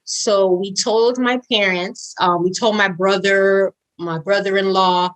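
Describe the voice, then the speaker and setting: Animated young woman telling a story. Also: measured pace, rough recording. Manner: animated storyteller, acts out quoted voices with big pitch jumps; casual, says "like" and "girl" often. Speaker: podcast guest. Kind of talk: storytelling interview.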